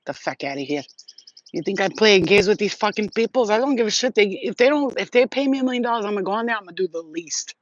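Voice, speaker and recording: A woman's voice: medium pitch, lively intonation, fast talker, dry recording. A woman psychic reader hosting a casual livestream, talking brashly with plenty of swearing and laughter. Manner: brash and profane, laughing often. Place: at home. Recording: dull lo-fi sound.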